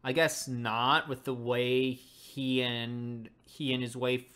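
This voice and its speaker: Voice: mid-range voice, little pitch movement, slow, fairly bright tone, clear, resonant tone. A game reviewer giving casual, rambling reaction commentary, thinking aloud with frequent fillers.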